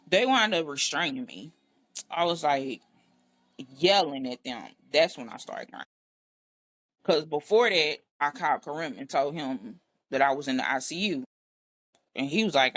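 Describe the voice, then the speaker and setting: A woman from Texas talks as a podcast guest, recounting her story in a loose, casual way. She is blunt and profane and acts out the back-and-forth of the dialogue with lots of energy. Her voice has a bright, forward edge. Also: deep voice, moderate pace. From Texas, USA. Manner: blunt, profane, animated retelling with quoted dialogue.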